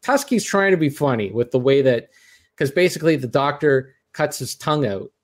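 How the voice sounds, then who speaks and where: A man's voice: mid-range voice, expressive, moderate pace. Man, podcast host, casual chat, rambling, opinionated, mid-range voice.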